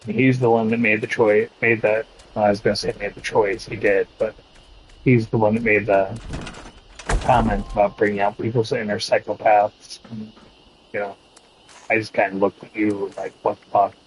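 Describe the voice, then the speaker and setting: A man streaming a game, chatting with his audience in a slow, laid-back way with lots of swearing. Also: lowish voice, little pitch movement, a little hiss or hum, low-quality recording. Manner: slow, laid-back, profane banter with chat. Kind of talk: casual gaming stream chat.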